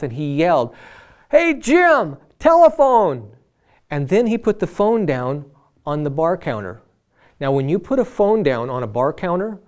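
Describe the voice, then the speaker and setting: A man's voice: fairly high pitch, darkish tone, clear, resonant tone. A man sharing a personal faith testimony from the pulpit. He talks in an earnest, conversational way and slips into the voices of the people he quotes. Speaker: lay preacher.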